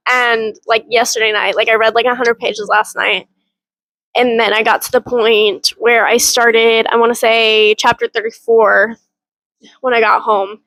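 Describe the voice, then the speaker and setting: A woman's voice: fairly high pitch, fairly bright tone, dry recording, rough recording. Chatty woman vlogging about books. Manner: chatty and rambling, with frequent laughs and swearing. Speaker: book vlogger. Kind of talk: casual reading vlog update.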